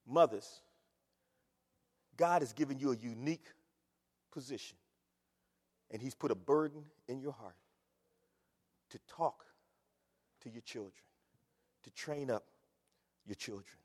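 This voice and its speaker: An older man preaching an impassioned sermon, swinging from shouting to hushed tones. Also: mid-range voice, a little slow, long pauses, long reverb tail.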